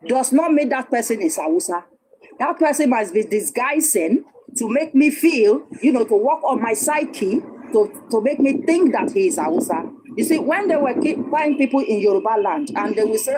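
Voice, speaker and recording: A woman's voice: fairly high pitch, animated, normal speed, background noise. A woman, firmly arguing her point as a participant in an online panel debate. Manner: firm, argumentative.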